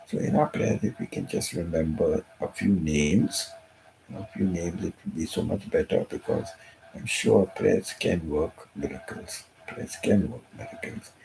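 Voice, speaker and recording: A man with a very low, gravelly voice that sounds dark and mellow. He speaks softly and emotionally, repeating phrases as he chats on a home live stream. A faint hiss of noise sits behind him. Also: moderate pace, rough recording. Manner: soft-spoken, repeats himself, emotional. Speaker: channel host.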